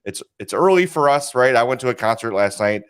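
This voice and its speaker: A man's voice: mid-range voice, animated, a little fast, clear, resonant tone. A man co-hosting a podcast in casual chat, a rambling storyteller, recorded in a studio with video cameras. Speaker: podcast co-host.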